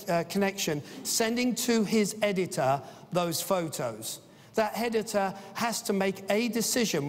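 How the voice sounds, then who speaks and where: A middle-aged man with a high voice, speaking at a business conference. He sounds enthusiastic and tells stories between points, often pausing on "uh". His voice carries the long reverb of a large conference hall. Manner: enthusiastic, anecdotal, with frequent "uh" fillers.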